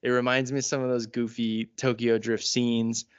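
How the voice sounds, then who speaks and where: A man's voice: mid-range voice, little pitch movement, normal speed, clean tone, no room sound. Podcast cohost guy cracking jokes, dead dry room, muffled mic. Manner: joking, teasing, does mock ads. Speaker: podcast co-host. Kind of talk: casual chat. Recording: dry, dull lo-fi podcast audio.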